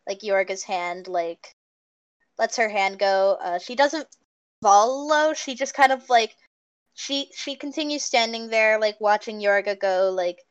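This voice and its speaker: A woman's voice: medium pitch, fairly even intonation, unhurried, clear, resonant tone, lo-fi sound. A woman playing in a tabletop game, describing her character's actions in a rambling way full of fillers. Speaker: player.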